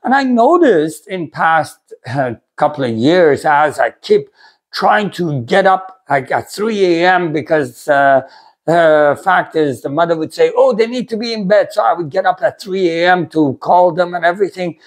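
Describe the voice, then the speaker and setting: Man from Iran, earnest halting testimony, fairly high voice, very lively intonation. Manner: earnest, halting, many fillers and restarts. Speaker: pastor, ministry video host. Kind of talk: personal testimony talk.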